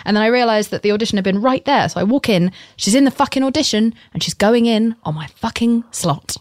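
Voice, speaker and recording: A woman's voice: fairly high pitch, expressive, a little fast, no room sound, studio quality. English woman telling candid stories. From England. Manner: candid storytelling, frequent swearing. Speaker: actress guest. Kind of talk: casual chat.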